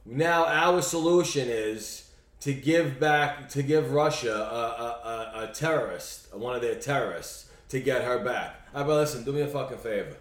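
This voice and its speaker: A man's voice: medium pitch, normal speed, echoey room, far from the mic. A man co-hosting a podcast, ranting bluntly in casual chat and swearing freely. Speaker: podcast co-host.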